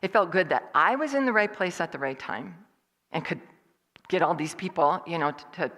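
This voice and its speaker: A woman speaking at a church service, telling a personal story in a lively way and acting out what other people said. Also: on the low side, normal speed, long reverb tail. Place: church hall.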